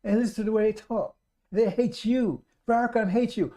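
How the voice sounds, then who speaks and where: Fervent preacher man, mellow tone. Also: sits high, steady tone, moderate pace. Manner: fervent, repetitive, rising to loud exhortation; addresses listeners as brothers and sisters. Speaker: radio preacher. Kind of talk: streetwise radio sermon.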